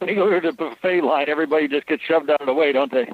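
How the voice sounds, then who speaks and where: A man calling in as a guest, relaxed and laid-back, teasing the hosts. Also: fairly high pitch, very fast, no room sound, phone-quality sound. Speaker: guest on phone. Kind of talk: casual phone interview.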